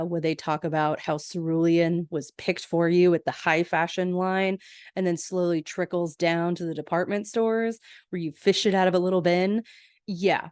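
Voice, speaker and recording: A woman's voice: lowish voice, darkish tone, dry recording, clean studio sound. A young adult woman hosting a podcast, recapping sitcom episodes in a chatty, casual way and quoting characters playfully.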